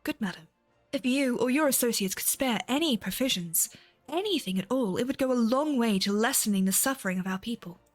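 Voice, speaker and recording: A woman voicing a solemn, formal female refugee leader in a game, speaking in a measured, quiet way. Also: fairly high pitch, lively intonation, soft background music. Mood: pleading.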